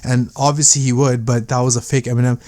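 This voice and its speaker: A man talking through a casual commentary, rambling and restarting his sentences as he goes. His voice sits at an ordinary middle pitch. The sound is dry and close, with no room around it. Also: flat delivery, quick pace, a little mellow, no echo. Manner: rambling, filler-heavy, many restarts. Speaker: conspiracy video commentator.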